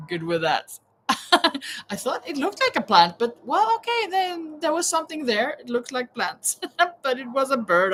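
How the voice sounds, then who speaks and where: Running a quiz on her live chat, a woman in her fifties laughs frequently and keeps saying "oh my goodness." Her mid-range voice comes through a rough recording with a little hiss or hum.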